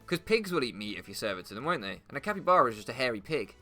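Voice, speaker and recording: British lets-play guy, young, crude sarcastic rambling, sharp bright tone, lively pitch, game music behind. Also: rapid-fire. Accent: British English. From England. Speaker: gaming commentator. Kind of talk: rambling commentary over gameplay.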